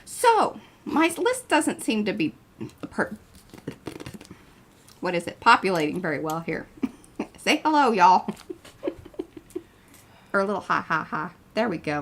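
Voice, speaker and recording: Chatty woman, lively husky voice. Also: on the high side. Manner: chatty, playful, self-teasing. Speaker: art livestream host. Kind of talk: casual livestream chat. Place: small home art studio.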